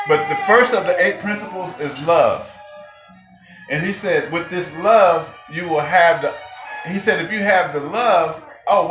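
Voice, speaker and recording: Forceful, bright-voiced male spiritual teacher. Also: on the high side. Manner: animated, emphatic, preacher-like delivery. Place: gathering room with audience. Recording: roomy hall with faint music.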